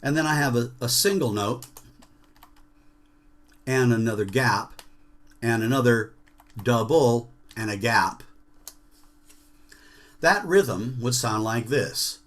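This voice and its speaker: A man's voice: mid-range voice, lively intonation, slow, pauses often, loud music behind the voice. A man leading an online jazz workshop, chanting rhythm syllables and checking in with students over a video call.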